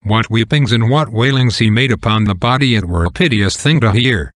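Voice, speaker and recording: A man with a fairly low voice reads old saints' legends aloud in slow, measured prose. The sound is close and dry, with no room around it. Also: no room sound. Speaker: reader of saints' lives. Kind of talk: slow reading of an old text.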